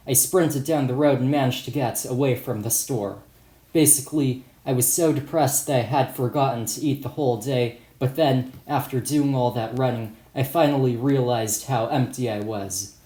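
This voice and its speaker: A man's voice: mid-range voice, normal speed, warm tone. A man reading his own first-person story as an audiobook in a plain, matter-of-fact way. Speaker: author and narrator. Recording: roomy echo.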